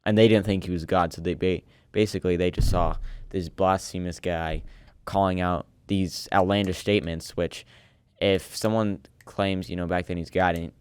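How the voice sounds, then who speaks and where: Young male podcaster, low and resonant, earnest and rambling. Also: steady tone, normal speed, clean tone, dry recording. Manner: earnest, rambling, restarts often. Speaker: podcast co-host. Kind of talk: casual chat.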